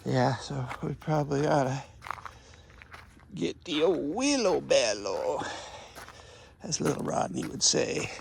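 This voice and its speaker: A rancher talks casually while working outdoors in his garden, rambling in a folksy way, drifting off topic and letting out folksy exclamations for his vlog. His voice is a little high with lively intonation and vocal fry, and he goes slowly with long pauses. There's a bit of hiss or hum in the audio.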